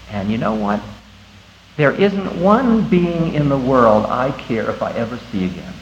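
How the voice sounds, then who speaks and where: A man giving a conversational spiritual talk to an audience, animated and laughing at himself. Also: mid-range voice, moderate pace, a little hiss or hum. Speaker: spiritual teacher. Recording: dull lo-fi recording with faint ambience.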